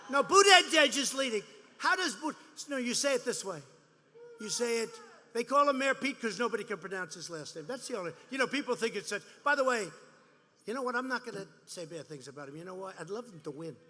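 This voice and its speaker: A man's voice: very high voice, big pitch swings, brisk, bright, forceful tone, long reverb tail. A man in his seventies giving a rambling, boastful, mocking campaign rally speech, repeating his phrases. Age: 70s. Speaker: politician speaking at a rally. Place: large rally venue.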